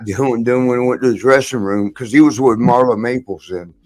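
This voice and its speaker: An older man hosting a casual podcast, spinning loose, meandering stories and laughing between lines. He talks at an everyday pitch and acts out what other people said. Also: fairly quick, a little mellow. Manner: laughs often, rambling anecdotes with quoted voices. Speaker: podcast host. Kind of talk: casual storytelling chat.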